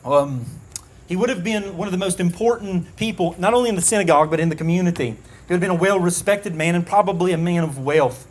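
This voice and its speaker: A man preaching an expository sermon, earnest and measured, with frequent ums and restarts. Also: high-pitched.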